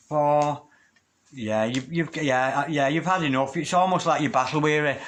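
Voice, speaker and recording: A man's voice: on the high side, moderate pace, slight background noise. A man talking through a tarot card reading in a chatty way, stopping now and then to call on spirit guides. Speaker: tarot reader.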